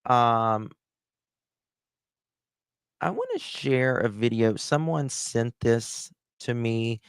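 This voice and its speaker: Man, live-stream host, slow unhurried talk, dry close sound. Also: mid-range voice, gravelly, clean tone, no room sound. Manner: rambling, hesitant, affectionate toward chat. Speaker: livestream host. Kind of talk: casual live-stream chat.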